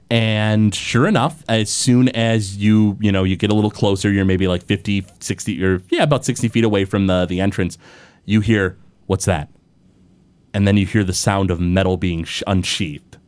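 A man runs a tabletop game in a very low voice, talking loosely with plenty of fillers. The sound is dry and close. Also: clean tone, no room sound. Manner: relaxed, filler-heavy narration. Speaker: game master.

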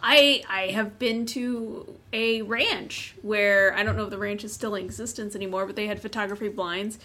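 A woman's voice: mid-range voice, normal speed. A woman hosting a casual chat podcast, telling stories animatedly and acting out what people said. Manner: animated storyteller acting out quotes. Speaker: podcast host.

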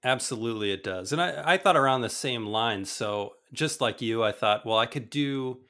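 A man's voice: mid-range voice, normal speed. A man co-hosting a podcast, chatting casually about movies and leading the segments. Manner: relaxed, conversational, leads the segment. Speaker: podcast co-host.

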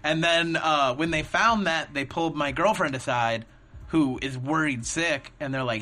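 A young man and comedian telling a rambling, animated story in casual chat, acting out the people in it. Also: fairly high pitch, normal speed. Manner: animated, rambling, acts out the other people in his stories.

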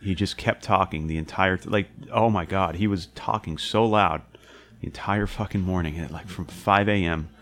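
Deep-voiced young man, rambling and profane. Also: steady tone, normal speed, a bit bright. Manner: rambling, profane, full of fillers and restarts. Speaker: podcast co-host recounting a hiking trip. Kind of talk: casual chat.

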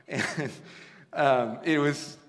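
A man preaching a sermon in a conversational way, with laughing asides, swinging from loud storytelling to hushed, intimate lines. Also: medium pitch, drawn-out words. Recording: long hall reverb.

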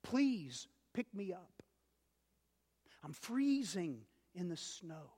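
A man's voice: very high-pitched, takes it slowly, pitched above the performer's own voice, exaggerated voice. A male preacher voicing a sly, deceitful rattlesnake that pleads to be picked up, in a sermon story. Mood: pleading. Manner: pleading, then calmly matter-of-fact. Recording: long reverb of a large hall.

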